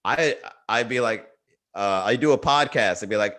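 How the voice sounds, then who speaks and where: A man's voice: on the low side, normal speed, a bit bright. A man hosting a comedy livestream, chatting casually in a rambling, jokey way and reading viewer comments aloud. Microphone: webcam or desk mic for a livestream.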